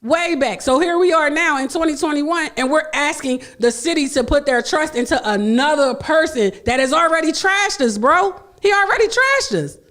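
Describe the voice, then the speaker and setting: A woman's voice: high-pitched, lively intonation, normal speed, hardly any pauses, fairly bright tone. A woman co-hosting a radio talk show, bluntly challenging her co-host. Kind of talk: heated casual debate.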